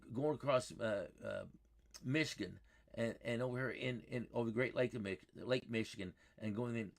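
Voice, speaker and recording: A man hosting a live weather stream, talking excitedly over radar maps and repeating himself as he rambles. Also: medium pitch, gravelly.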